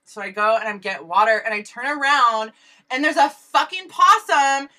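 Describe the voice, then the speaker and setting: A woman co-hosting a podcast in casual chat, telling an animated story full of "like" and swearing. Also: high voice, moderate pace, poor audio. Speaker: podcast co-host.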